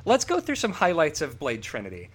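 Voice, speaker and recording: Man, podcast co-host, casual chat, profane, high-ish voice, very expressive pitch. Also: fairly quick, slight background noise. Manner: profane, animated, riffing with laughs.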